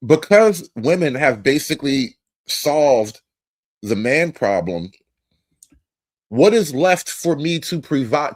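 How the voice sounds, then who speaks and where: A man argues his case on a talk panel, deliberate and pointed as he builds a premise step by step. His voice sits at a middling pitch and is recorded close and dry, with no room sound. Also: no room sound. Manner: deliberate, argumentative, lays out a premise. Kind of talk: debate on a talk show.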